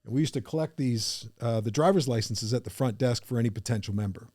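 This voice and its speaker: A man guesting on a podcast, telling his own story with animated energy and acting out the people in it. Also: medium pitch, fast talker, slightly rough, dry recording, clean studio sound. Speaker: podcast guest, business coach.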